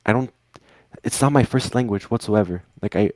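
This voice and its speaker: A man's voice: fairly low pitch, normal speed, darkish tone, no echo. A young man who is not a native English speaker, chatting casually as a podcast co-host and rambling with lots of fillers and restarts. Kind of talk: casual chat.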